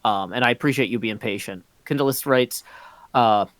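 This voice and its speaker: This middle-aged host leads a casual community meeting by voice call, wandering through his points with plenty of ums and occasional laughter. He speaks at a moderate pace in a medium-pitched, fairly bright voice. The computer mic captures no room sound.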